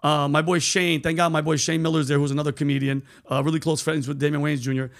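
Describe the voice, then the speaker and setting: Man, host, casual storytelling, cursing, animated, higher pitch. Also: fast talker. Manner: profane, animated storyteller, says bro and dude.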